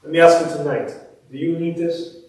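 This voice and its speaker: Brief: male preacher, slightly high, warm and mellow, storytelling sermon, roomy and distant. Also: moderate pace. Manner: animated, swells up then drops to soft near-whispers. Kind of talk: sermon with scripture reading and storytelling. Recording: echoey church room, distant mic.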